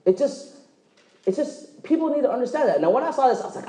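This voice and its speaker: A man giving a motivational sales presentation, joking and quizzing the audience, acting out quick dialogues. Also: extremely high pitch, sing-song, warm tone, echoey room, rough recording. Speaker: presenter at a direct-sales meeting. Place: meeting room with live audience.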